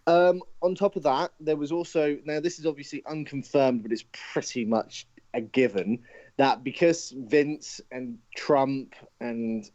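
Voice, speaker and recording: A man's voice: medium pitch, measured pace, a little mellow, no room sound, highs cut off. A man co-hosting a casual live wrestling chat, steering the talk and swearing casually. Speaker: podcast co-host.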